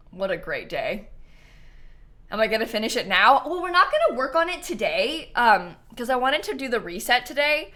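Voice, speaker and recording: A bright, lively young woman streaming a game, her voice bouncing high and low as she chatters. She gets excitable easily, laughing and squealing between thanks to viewers. Her tone stays clear and fairly high. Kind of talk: casual live-stream chat.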